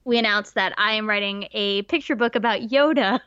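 A woman's voice: medium pitch, fairly quick, fairly bright tone, clear, resonant tone, lo-fi sound. A woman co-hosting a podcast in casual chat, talking chattily with many fillers. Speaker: podcast co-host.

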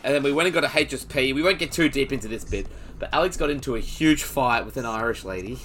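A man's voice: mid-range voice, fast, very noisy. A young man, co-hosting a podcast and telling a rambling, slangy festival story in casual chat. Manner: laid-back, rambling, slangy. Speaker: podcast co-host.

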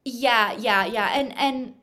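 A woman hypnotherapist, a guest on a studio podcast, explaining her work in an animated, teaching manner, swinging her loudness up and down to make points. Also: fairly high pitch, slow. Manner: animated, explanatory, shifts volume to demonstrate.

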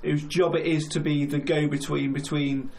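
A man's voice: a little high, level tone, normal speed, darkish tone. A man co-hosting a casual football chat, joking and laughing between points. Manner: chatty, jokey, laughs often. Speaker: podcast co-host. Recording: faint background noise.

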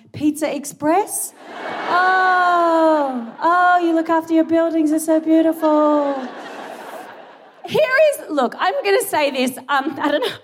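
A young Australian woman doing live stand-up in a big theatre, giggly, rambling and sweary with a self-mocking edge. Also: sits high. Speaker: stand-up comedian. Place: large theatre stage. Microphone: stage mic. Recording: live theatre recording with audience noise. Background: audience laughter and crowd noise.

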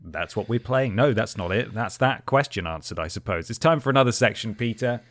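A man's voice: on the low side, animated, fairly quick, no echo. A man co-hosting a podcast, telling stories in casual chat with some rambling and hesitation. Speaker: podcast co-host.

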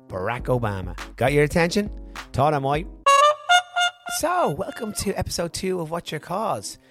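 An Irish man hosts a podcast, speaking in an earnest, upbeat way with plenty of fillers. His voice sits at a middle pitch. Faint music plays quietly behind him. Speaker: podcast host. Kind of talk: podcast intro and interview.

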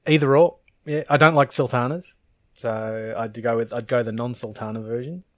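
A man's voice: medium pitch, steady tone, moderate pace, a bit bright, no echo, clean studio sound. A man, co-hosting a podcast in casual chat and rambling through laughing anecdotes. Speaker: podcast co-host.

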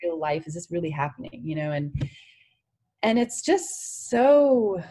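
A woman's voice: fairly low pitch, big pitch swings, a little slow, dark tone, slightly rough. A woman in her forties, a guest on an interview podcast, speaking earnestly and from the heart with many "you know"s. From France. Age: 40s. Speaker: interview guest, former tennis champion.

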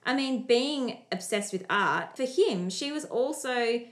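A woman's voice: a little high, lively intonation, measured pace. A woman hosting a podcast, telling a history story in a casual chat with playful asides. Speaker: podcast host.

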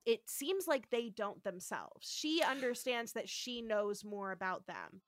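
A woman's voice: on the high side, measured pace, dry recording. A woman co-hosting a podcast, animatedly recapping episode scenes and acting out the characters. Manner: animated storytelling, acts out scenes. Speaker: podcast co-host. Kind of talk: casual recap chat.

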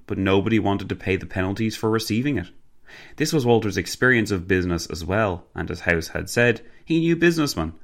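A man reading a historical novel aloud in a steady, measured voice. His voice sits on the low side and stays composed throughout the narration. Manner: measured storytelling. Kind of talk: scripted narration.

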